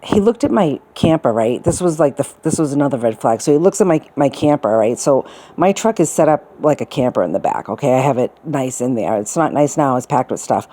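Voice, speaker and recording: Middle-aged woman, mellow low-key tone, rambling storyteller, casual chat. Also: animated, brisk, hardly any pauses. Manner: rambling, many restarts and fillers, quotes people in put-on voices. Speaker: vlogger telling a personal story.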